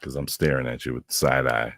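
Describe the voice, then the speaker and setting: A man's voice: extremely low pitch, fairly even intonation, fairly quick, vocal fry, a bit bright, dry recording, clean studio sound. A man chatting on a livestream, joking and laughing often. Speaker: co-guest on a livestream. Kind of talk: casual chat on a livestream.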